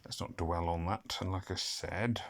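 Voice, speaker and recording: A man's voice: sits low, fairly even intonation, normal speed, a bit bright. A man from Britain giving casual, rambling commentary on a mobile game, humming and making little sound effects, self-deprecating about his mistakes. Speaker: gaming commentator.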